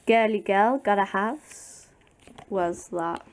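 A British woman hosting a doll channel reads her viewers' messages aloud. She trips over unfamiliar names and apologises a lot. Her delivery is unsure and halting. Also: medium pitch. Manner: hesitant, apologetic, stumbles on names. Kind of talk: reading fan messages aloud.

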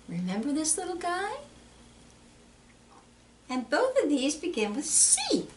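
Animated woman reading aloud to kids. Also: fairly high pitch, slight background noise. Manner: animated and sing-song, with playful animal sounds. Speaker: children's librarian. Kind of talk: children's storytime read-aloud. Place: public library. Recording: echoey room, mic at a distance.

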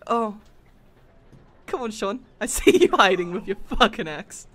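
A man bantering excitedly with his friends while playing an online game, laughing and swearing. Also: sits high, measured pace. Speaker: gamer streaming with friends. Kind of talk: casual gaming banter.

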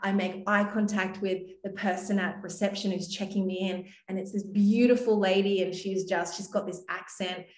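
A woman's voice: medium pitch, little pitch movement, normal speed, hardly any pauses, darkish tone, echoey room, rough recording. A young adult woman coaching on camera, enthusiastic and breezy, with lots of casual fillers. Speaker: business and mindset coach. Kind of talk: motivational talk to camera.

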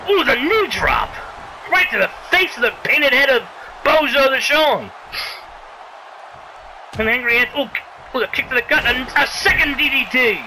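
A game commentator calling a wrestling video game play by play, excitable, sarcastic, yelling at big moves and pleading with the wrestlers. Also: high-pitched, moderate pace, long pauses, noisy background. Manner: sarcastic asides and mild swearing.

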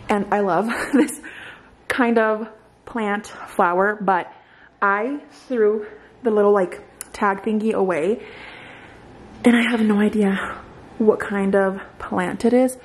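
A woman's voice: mid-range voice, steady tone, takes it slowly, long pauses. A woman vlogging at home on a handheld camera, slightly out of breath, chatting in a rambling way with lots of fillers. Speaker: vlogger, mom of two. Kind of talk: casual vlog chat.

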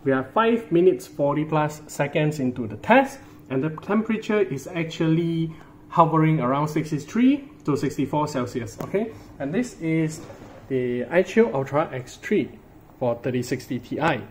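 Man, casual tech showcase, fairly high voice, faint room hum. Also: expressive, normal speed. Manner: chatty, often starts with "so", hedges with "I assume". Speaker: tech reviewer. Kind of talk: casual product showcase narration.

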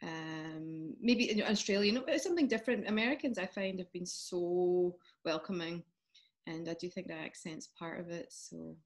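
A woman's voice: fairly low pitch, moderate pace. Chatty Scottish woman on a call. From Scotland. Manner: chatty, laughs often, trails off. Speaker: guest. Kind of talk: casual chat.

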